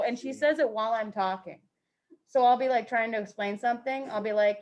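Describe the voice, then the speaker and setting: A woman's voice: a little high, fairly even intonation, brisk. A woman teaching a math class to students in the room and online, playful and teasing with mock-dramatic outbursts.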